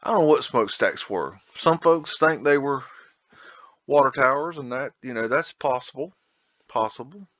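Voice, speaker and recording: A man's voice: medium pitch, lively intonation, moderate pace, fairly bright tone, dry recording, highs cut off. A man hosting a casual photo tour, rambling, blunt and profane, with a folksy drawl. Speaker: video host.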